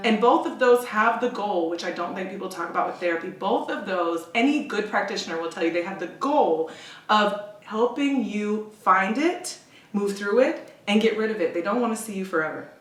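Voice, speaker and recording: Animated woman guest in a roomy space. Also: mid-range voice, fairly quick. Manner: animated storyteller, acts out voices with laughter. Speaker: podcast guest. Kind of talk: casual chat. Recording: roomy echo, distant from the mic.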